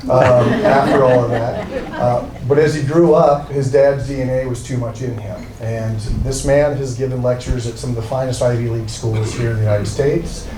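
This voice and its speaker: A man's voice: medium pitch, steady tone, moderate pace, few pauses, crowd noise. A man, an art dealer, introducing a speaker at an event, rambling, joking at his own expense and getting emotional. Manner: rambling, self-deprecating, emotional. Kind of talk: live introduction speech. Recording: roomy, distant from mic, with noise.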